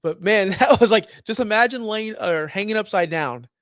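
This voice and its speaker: Higher-voiced man in casual chat. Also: normal speed, a bit bright, dry recording, studio quality. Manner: enthusiastic, casual. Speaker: podcast co-host.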